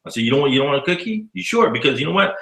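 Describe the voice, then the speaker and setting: A man in his fifties, an educator living abroad, telling stories in a casual, profane, animated way during an interview. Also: fairly high pitch, racing, roomy sound, poor audio. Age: 50s. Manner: animated, profane storyteller acting out dialogue.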